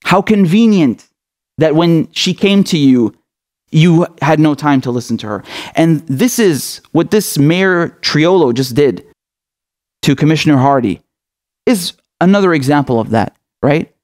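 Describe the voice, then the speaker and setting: A man's voice: a little high, animated, a little slow, darkish tone. A man hosting a political commentary show, delivering an impassioned, outraged rant full of swearing.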